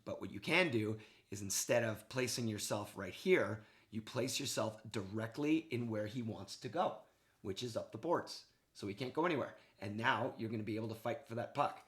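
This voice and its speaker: A hockey coach walks a player through game footage, casual and enthusiastic, frequently checking in with "okay." His voice is lowish, animated, and fairly bright, at a normal speed.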